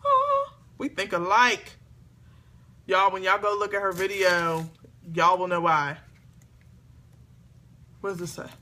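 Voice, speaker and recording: A woman chatting excitedly to camera as she opens gifts, talking to her viewers at home. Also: on the low side, measured pace, pauses often. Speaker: beauty vlogger. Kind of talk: casual unboxing chat to camera. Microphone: camera on a tripod.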